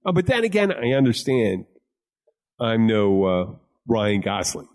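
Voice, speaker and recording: A man from Philadelphia hosting a podcast, chatting casually, swearing freely and telling stories with lively energy. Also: lowish voice, measured pace. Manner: swears freely, animated storytelling. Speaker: podcast host. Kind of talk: casual chat.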